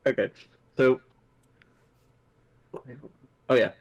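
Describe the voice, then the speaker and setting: A man's voice: mid-range voice, highs cut off. A man calling in to a casual chat, hesitantly asking a question. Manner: hesitant, halting.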